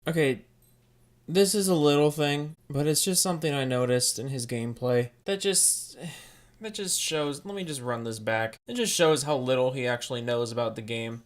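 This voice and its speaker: A man's voice: medium pitch, moderate pace. Sarcastic man ranting over gameplay. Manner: sarcastic, exasperated. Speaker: YouTube commentator. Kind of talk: response video commentary.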